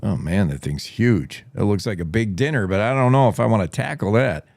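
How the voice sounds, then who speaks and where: A man's voice: on the low side, lively intonation, brisk, creaky, a little mellow, no echo, studio quality, pitched below the performer's own voice. A man voicing a dim, easygoing male Canadian wolf, folksy and drawling.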